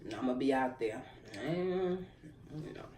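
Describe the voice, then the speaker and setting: A woman's voice: very deep voice, expressive, moderate pace, mellow, far from the mic. A woman hosting an eating show, chatting casually between bites and laughing often. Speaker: mukbang host. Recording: echoey room, voice from afar, faint room noise.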